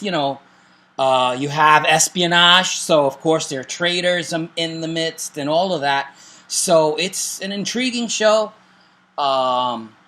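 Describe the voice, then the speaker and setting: A man's voice: fairly high pitch, a bit bright. A middle-aged man co-hosting a casual chat and recommending TV shows, joking and making self-deprecating asides. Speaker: show co-host.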